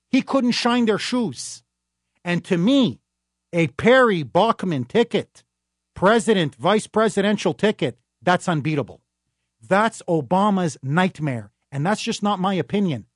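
Male talk radio host, high-pitched, punchy and opinionated, recorded dry in the studio. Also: animated, no room sound. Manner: emphatic, rapid-fire and opinionated. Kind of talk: political talk radio monologue.

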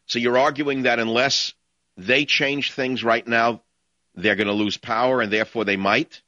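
A man's voice: mid-range voice, fairly even intonation, normal speed, bright, forceful tone, no room sound. A man hosting a call-in talk radio show, ranting in a combative, scornful way over dull lo-fi broadcast audio.

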